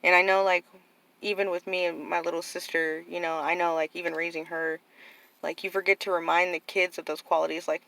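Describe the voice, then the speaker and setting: A woman's voice: fairly low pitch, little pitch movement, fairly quick, creaky, fairly bright tone, low-quality recording. A middle-aged woman talking casually and earnestly to camera, rambling with lots of "like" and "you know". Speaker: vlogger.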